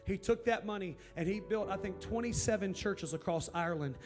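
A man preaches in a church, his voice sitting high. He tells his story quietly at first, then swells into emphatic shouts. Music plays clearly under his sermon. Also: brisk. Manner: builds from hushed to shouted, emphatic. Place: church sanctuary.

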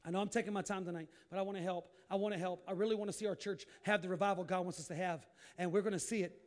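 A high-pitched man delivering a sermon. He drops to quiet, confiding asides, then rises into loud, emphatic calls. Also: steady tone, very fast. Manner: preaching with sudden shouted bursts and quiet asides. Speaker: pastor.

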